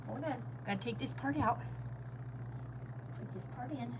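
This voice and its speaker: Pausing often at a moderate pace, a grandmother vlogger in middle age talks in a slightly high voice, rambling, opinionated, and emphatic in casual chat at home. Background noise is audible.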